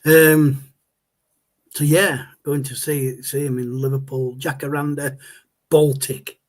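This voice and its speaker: A man's voice: medium pitch, a little mellow. A man, hosting a casual livestream and rambling as he answers viewer chat. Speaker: livestream host.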